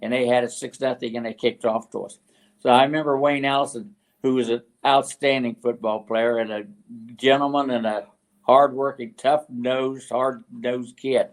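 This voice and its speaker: An older man from West Virginia, a retired football coach, telling stories as a guest in an interview, halting and full of fillers and restarts. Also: medium pitch, fairly even intonation. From West Virginia, USA. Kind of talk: storytelling interview.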